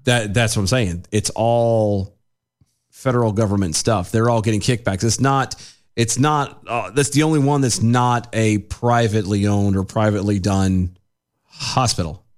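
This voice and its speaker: A man's voice: lowish voice, normal speed. A man co-hosting a casual podcast, reading news quotes aloud and ranting in exasperation. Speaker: podcast co-host.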